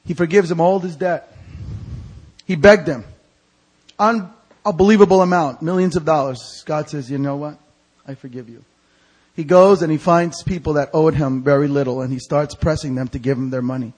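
A male pastor preaching an evangelical sermon in a church sanctuary. He quizzes the congregation with fill-in-the-blank questions and swings from hushed to shouted. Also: on the high side, steady tone, normal speed, slightly rough, rough recording.

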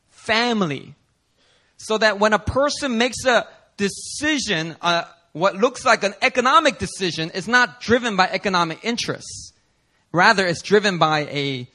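Bright-voiced, emphatic male preacher. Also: sits high. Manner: earnest, emphatic, builds intensity with repetition. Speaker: pastor. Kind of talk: sermon.

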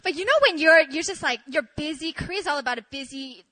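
A young woman telling an animated story to an audience, excitable and laughing often. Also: high voice, fast talker, rough recording. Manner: excitable, shrieks in re-enacted moments, laughs often. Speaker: speaker sharing a testimony.

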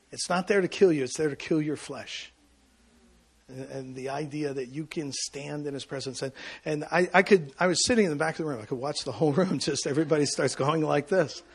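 A man preaching a sermon as pastor, telling a personal story with sudden loud bursts and quiet asides. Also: a little high, breathy edge.

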